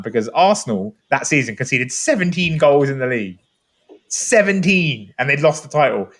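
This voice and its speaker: A man's voice: on the high side, big pitch swings, moderate pace, a bit bright. A man talking football on a podcast in a rambling, enthusiastic, casual way. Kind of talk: animated casual chat.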